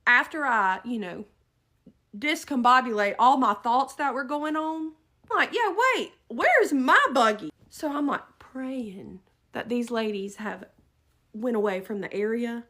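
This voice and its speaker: A woman giving an animated, dramatic storytime narration. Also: fairly high pitch, measured pace.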